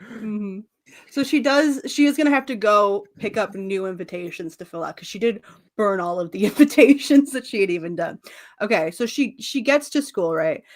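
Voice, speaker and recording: A woman with a medium-pitched voice speaks at a normal speed while co-hosting a casual chat show. She animatedly recaps a comic story, acting out the characters and often swearing and laughing.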